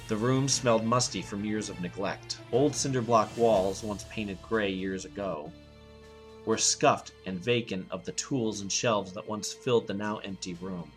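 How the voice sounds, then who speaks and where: A man narrating an action story in a steady reading voice. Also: lowish voice, unhurried, soft background music.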